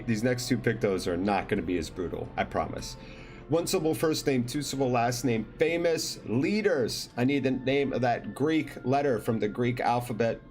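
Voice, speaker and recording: A man hosting a live online trivia show in a loose, joking way, teasing teams and handing out points, with faint music behind him. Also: medium pitch. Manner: jokey, loose, teasing players by team name. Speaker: trivia quiz host. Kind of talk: casual live quiz hosting.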